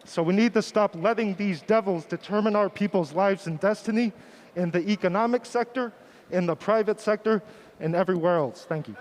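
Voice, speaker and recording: A man's voice: high-pitched, brisk, darkish tone. A man giving an impassioned, rousing speech at a community assembly. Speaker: speaker at an assembly.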